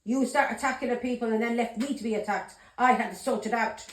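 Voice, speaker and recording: A woman's voice: on the high side, fairly even intonation, quick pace, few pauses, slight background noise. Blunt ranting woman in an echoey room. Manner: blunt, ranting straight talker who swears freely. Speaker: tarot reader. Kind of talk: tarot reading vlog.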